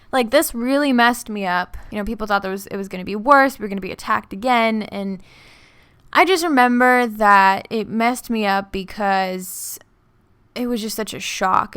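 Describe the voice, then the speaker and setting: Soft-spoken young woman, halting and hesitant. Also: mid-range voice, smooth, no echo. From New York. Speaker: art vlogger. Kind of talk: personal storytelling vlog.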